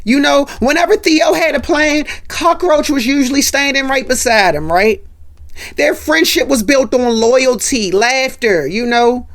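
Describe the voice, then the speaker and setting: A woman's voice: high voice, unhurried. A woman hosting a casual commentary recap, chatty and forever tagging her lines with "right?". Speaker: host.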